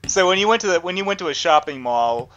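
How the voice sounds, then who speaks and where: Man, high voice, very lively, bright, teasing jokes, casual chat. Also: fast talker, lo-fi sound.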